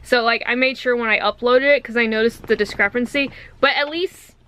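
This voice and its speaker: Bright-voiced young woman chatting casually. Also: on the high side, fairly quick, a little hiss or hum, rough recording. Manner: laughs often, tells stories with quoted voices. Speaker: podcast co-host. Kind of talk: casual chat.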